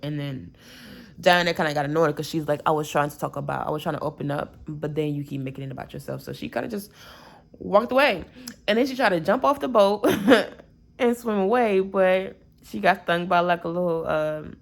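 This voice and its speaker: A woman's voice: lowish voice, moderate pace, creaky. A young woman recapping a reality show episode in a chatty, gossipy way, with sarcastic asides.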